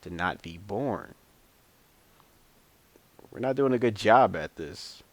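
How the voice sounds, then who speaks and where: A man's voice: fairly low pitch, lively intonation, takes it slowly, no room sound. A man talking to camera in a casual, rambling monologue, blunt and profane, chuckling between his points. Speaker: vlogger.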